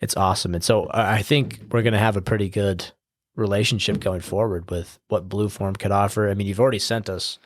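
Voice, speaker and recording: Low-pitched male host, dry close mic, friendly and jokey. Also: steady tone, fairly quick, no echo. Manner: upbeat, jokey, encouraging. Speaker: podcast host. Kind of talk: casual podcast conversation. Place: podcast studio.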